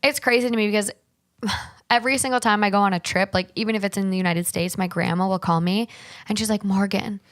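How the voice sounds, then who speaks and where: A woman's voice: mid-range voice, fairly even intonation, fast talker, fairly bright tone. A young woman from Minnesota, co-hosting a podcast in casual chat and reading posts aloud. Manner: chatty, laughs often. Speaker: podcast co-host.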